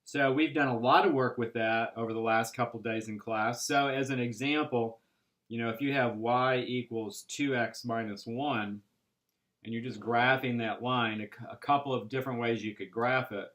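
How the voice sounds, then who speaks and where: A man teaching an algebra class, explaining step by step in a patient way with frequent pauses and "right?" checks. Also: mid-range voice, fairly even intonation, a bit bright. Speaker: math instructor. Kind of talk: recorded classroom lecture.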